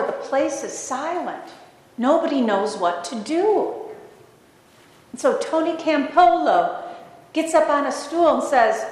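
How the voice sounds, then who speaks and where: A woman preaching, telling a story in an expressive, dramatic way in a large echoey hall. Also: high voice. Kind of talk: storytelling sermon.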